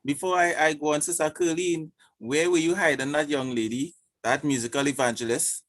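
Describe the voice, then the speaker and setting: A man with a fairly high voice contributes to a church forum over a video call. He talks hesitantly, pausing on fillers and restarting phrases as he works through his points. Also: fairly even intonation, a bit bright. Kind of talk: discussion contribution.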